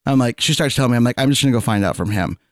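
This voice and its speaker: A man's voice: medium pitch, no room sound, clean studio sound. A man telling a story in casual chat, acting out what people said. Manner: fast, animated storyteller acting out quotes.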